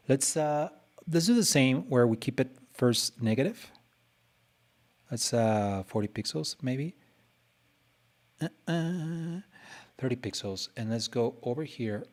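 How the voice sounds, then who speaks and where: A man streaming his design work, chatting casually and playfully as he thinks aloud and talks to his screen. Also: mid-range voice. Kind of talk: casual live design commentary.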